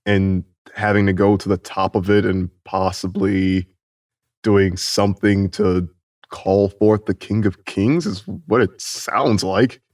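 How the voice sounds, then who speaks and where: A man's voice: sits low, steady tone, slow, a little mellow, no echo, clean studio sound. A man playing an easygoing adult guardian. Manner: rambling, hesitant, jokey. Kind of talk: tabletop role-play.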